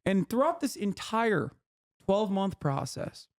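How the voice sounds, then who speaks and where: A male streamer explaining politics in a heated, animated, profane way. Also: high voice, unhurried.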